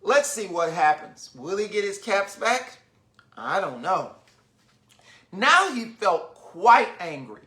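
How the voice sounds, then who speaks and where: A man reads a children's picture book aloud with animated, chatty asides to young listeners. His voice sits fairly high and swings widely up and down, and his pace is unhurried. The room adds a noticeable echo. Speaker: children's book reader, literacy founder. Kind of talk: children's storybook read-aloud. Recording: roomy echo.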